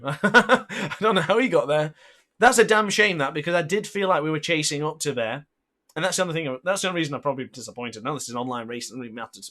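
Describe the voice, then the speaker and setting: A man, a gaming streamer who calls his own race like a sports commentator and breaks into frustrated outbursts. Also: fairly high pitch. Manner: excitable, mock race-caller, bursts into frustrated outbursts. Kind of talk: livestream gameplay commentary.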